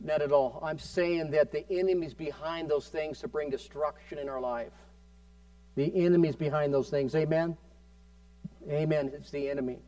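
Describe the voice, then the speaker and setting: A man's voice: fairly high pitch, fairly even intonation, normal speed, dark tone, no echo, recorded from a distance. A man preaching a fervent sermon as pastor, often prompting the congregation with amen.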